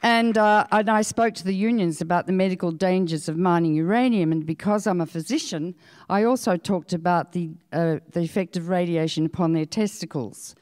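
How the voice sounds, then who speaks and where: Older Australian woman, lowish voice, frank lecturer; dry close mic with a long hall tail. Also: a little fast, darkish tone. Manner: storytelling, frank and outspoken. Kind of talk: public lecture.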